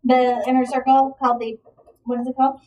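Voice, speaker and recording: A woman with a high, bright voice walks a class through a math lesson, asking questions and praising the answers. She sounds a little far from the mic, as in a classroom recording. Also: little pitch movement, brisk, slight background noise. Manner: encouraging, checks in with questions. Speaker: math teacher. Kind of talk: classroom lecture.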